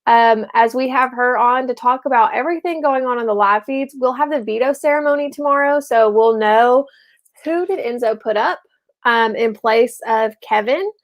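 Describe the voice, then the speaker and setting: A woman co-hosting a casual live show, chatty and full of ums and quick laughs. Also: a little high. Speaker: co-host.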